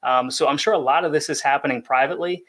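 A man speaking in a measured, explanatory way as a podcast analyst. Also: on the high side, fairly bright tone. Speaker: draft analyst. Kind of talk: podcast discussion.

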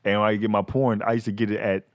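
A man telling stories in casual comedic chat, slangy and animated, acting out quoted lines. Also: lowish voice, quick pace, dull audio.

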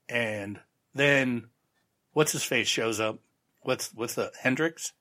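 A man hosts a podcast in an easy, rambling recap, dropping sarcastic asides as he goes. His voice is mid-pitched and bright, with a forceful edge. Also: measured pace. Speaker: podcast host. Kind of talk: casual recap of a TV show.

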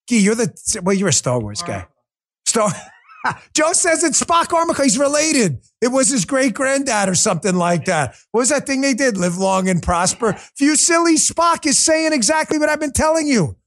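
Ranting man with a high voice. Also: fairly bright tone. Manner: combative, ranting, sarcastic. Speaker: political talk show host. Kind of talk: livestreamed political commentary.

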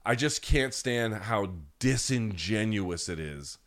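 Low-voiced guy hosting a live chat, swears a lot, rants hard, mocks people in silly voices. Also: animated, takes it slowly, a bit bright. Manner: blunt, profane, ranting; mocks others in put-on voices. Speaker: host.

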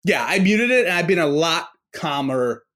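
A man's voice: on the high side, sing-song, normal speed, a bit bright. A man from New York, a podcast guest, ranting in casual chat, cursing and restarting often. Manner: ranting, profane, full of fillers and restarts.

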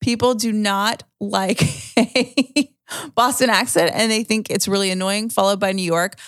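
Woman co-host, mid-pitched, dry close sound, casual and talkative. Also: fairly even intonation, unhurried, dry recording. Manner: chatty, lots of fillers. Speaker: podcast co-host. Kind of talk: casual chat and news segment.

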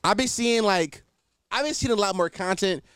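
A man's voice: sits high, moderate pace, a bit bright, clear, resonant tone, dry recording. A young man hosting a solo podcast, rambling casually with lots of swearing and self-deprecating asides. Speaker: podcast host.

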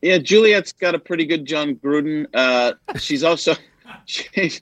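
A man's voice: a little high, a little slow, dry recording. A male comedian guest chatting casually on a talk show, telling stories, laughing often and slipping into voices. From based in Arizona. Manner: animated storyteller, slips into voices and laughs often.

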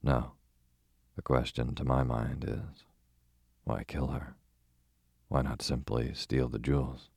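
A man voicing a fussy, precise older male detective who speaks placidly and deliberately, with foreign turns of phrase. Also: a bass voice, flat delivery, creaky, darkish tone, no echo, studio quality, full character voice.

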